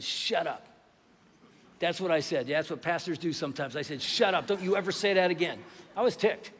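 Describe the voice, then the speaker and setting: A high-voiced man preaches to a large church, telling his story with animated energy. His voice rings through a long hall reverb. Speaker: pastor. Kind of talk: sermon storytelling.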